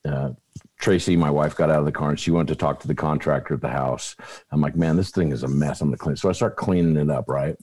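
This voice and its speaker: A man telling stories in a casual podcast chat, animated, swearing freely and restarting his sentences. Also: a bass voice. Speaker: podcast regular. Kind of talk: casual group chat and storytelling.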